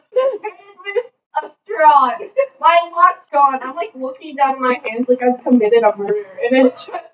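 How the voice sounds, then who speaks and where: A young woman co-hosting a podcast, telling a college story in an animated way, laughing as she goes. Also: high voice, moderate pace, hardly any pauses. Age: young adult. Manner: animated, laughing, imitates a thick accent in quotes. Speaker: podcast co-host. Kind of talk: casual storytelling chat. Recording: roomy, distant, dull sound with faint noise.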